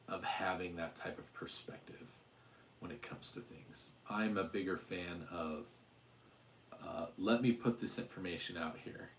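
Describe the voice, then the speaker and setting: A low-voiced man in his forties from Utah talks through a casual livestream chat. His speech wanders, halting on fillers and restarts. The sound carries a roomy echo with faint ambience behind it. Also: slight background noise. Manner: rambling, hesitant, many fillers and restarts. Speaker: channel host.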